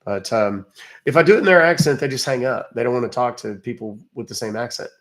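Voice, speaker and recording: A man's voice: mid-range voice, fast talker. A man hosting a livestream, chatting casually with viewers, wisecracking and swearing offhandedly. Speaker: livestream host calling scammers.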